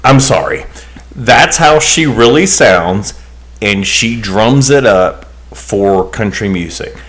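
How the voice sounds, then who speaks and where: A man's voice: fairly low pitch, lively intonation, slow, a bit bright. A man co-hosting a podcast in casual chat, rambling and hesitant, restarting his sentences often. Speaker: podcast co-host.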